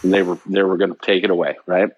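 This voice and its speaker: A man's voice: low-pitched, fast, slightly rough, no room sound, poor audio. A man, a shop owner, casually telling a story on a podcast and acting out the dialogue. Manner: animated, acts out quoted dialogue.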